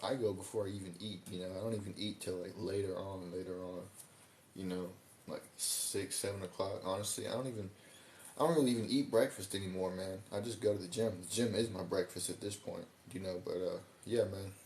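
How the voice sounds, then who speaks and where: A man hosts a relaxed livestream in a low, steady, slightly mellow voice, talking fairly quickly with slang and occasional stumbles. He has the hiccups, and the recording carries a roomy echo and faint background noise.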